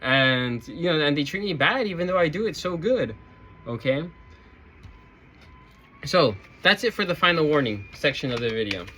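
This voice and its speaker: A man's voice: on the high side, expressive, normal speed, pauses often, bright, forceful tone. A man who works in a retail store, telling a story about his job in a sarcastic, rambling, aggrieved way. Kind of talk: casual storytelling to camera.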